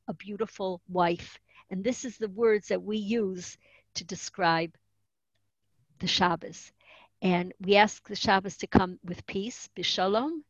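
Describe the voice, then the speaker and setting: A woman teaching Jewish tradition in an earnest voice, explaining Hebrew terms as she tells stories. Her voice is at a medium pitch. The recording sounds dull and dry, with no room echo. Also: fairly bright tone. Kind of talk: religious lesson with storytelling.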